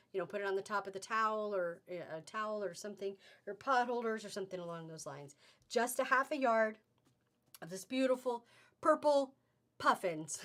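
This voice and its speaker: A middle-aged woman hosting a live fabric sale stream, chatty and gushing, laughing often as she reads out codes. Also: mid-range voice.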